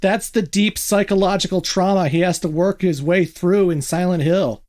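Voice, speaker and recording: A podcast host in casual gaming chat, jokey and quick to laugh. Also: medium pitch, a little mellow.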